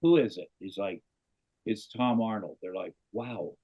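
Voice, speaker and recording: A man's voice: on the low side, moderate pace. A middle-aged man from Iowa, a comedian guest, telling a long anecdote and acting out the voices of the people in it. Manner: animated anecdote teller, acts out quoted voices. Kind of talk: casual storytelling interview. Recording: dull lo-fi podcast audio.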